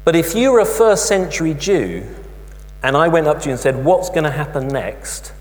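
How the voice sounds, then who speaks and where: A man preaching a sermon, telling the story in an animated way with emphatic asides. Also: a little high, brisk. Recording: long hall reverb with mains hum.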